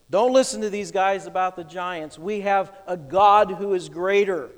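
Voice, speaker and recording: A male pastor preaching a sermon with emphatic delivery, swinging between soft and loud. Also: high-pitched, normal speed, hardly any pauses, in a large hall.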